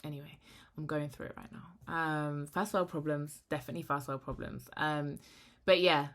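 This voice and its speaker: A young woman talks straight to camera in a frank, rambling vlog. Her voice sits low yet sounds bright and forceful. She swings between animated bursts and hushed asides. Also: normal speed. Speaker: vlogger. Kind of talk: candid talking-to-camera vlog.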